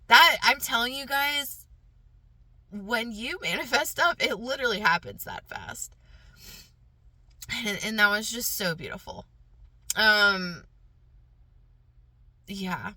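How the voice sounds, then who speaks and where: A woman's voice: medium pitch, a little slow, bright, forceful tone, dry recording. A woman podcast host and coach telling a personal story in casual, emotional, earnest speech, then reading affirmations.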